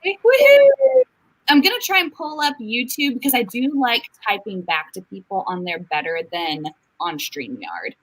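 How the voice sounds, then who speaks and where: A woman's voice: medium pitch, lively intonation, normal speed, few pauses, fairly bright tone, poor audio. A woman hosting a casual livestream chat, bubbly and giggly as she greets viewers. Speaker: livestream host.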